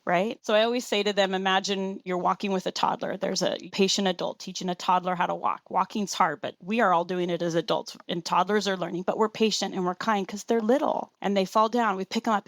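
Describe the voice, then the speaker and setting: A woman's voice: medium pitch, fairly quick, dry recording, clean studio sound. A woman guest expert on a podcast, earnestly explaining her ideas on teaching and laying them out point by point. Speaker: teaches students. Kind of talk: podcast interview answer.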